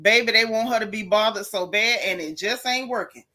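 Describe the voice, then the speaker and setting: A woman's voice: medium pitch, a little fast, bright, forceful tone. A woman hosting a casual gossip livestream, greeting viewers in a folksy, chatty way. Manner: chatty, folksy Southern slang, calls everyone sis and baby.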